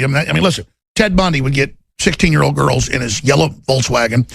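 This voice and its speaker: A middle-aged man hosting a political talk radio show, delivering an intense, ranting monologue with a gravelly, husky voice. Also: a little fast, fairly bright tone, no room sound. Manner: intense, ranting, swings to menacing low growls in acted quotes.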